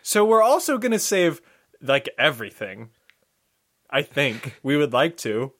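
A man chatting casually as game master about a tabletop session, quick and joking as he defends his story. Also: on the high side, very animated, fairly bright tone.

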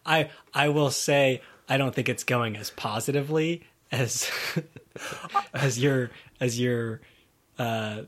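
A man chatting casually about a tabletop game session, animated and laughing in mock outrage. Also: mid-range voice, slow.

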